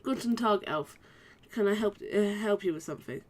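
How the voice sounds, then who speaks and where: A woman's voice: medium pitch, lively intonation, moderate pace, lightly acted. A woman reading the lines of a kind, earnest male orc charity worker in a video game, in a formal, earnest manner. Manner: formal, earnest read-aloud dialogue.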